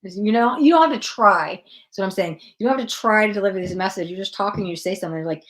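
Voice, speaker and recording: A woman's voice: mid-range voice, fast. A woman hosting a tarot livestream in a casual, chatty way, greeting viewers by name and laughing at herself when she stumbles over names.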